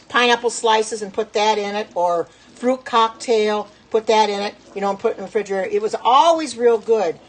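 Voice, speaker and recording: Standing at her home stove, a middle-aged woman talks to her viewers in a rambling, self-correcting way for her casual cooking vlog. Her voice is mid-range, and the audio quality is poor.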